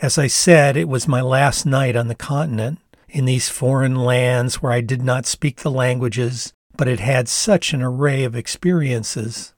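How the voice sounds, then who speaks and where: An older man from the United States reading his memoir aloud in a measured, reflective storytelling manner. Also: mid-range voice, steady tone, no echo, studio quality. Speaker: author and narrator. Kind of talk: memoir narration read aloud.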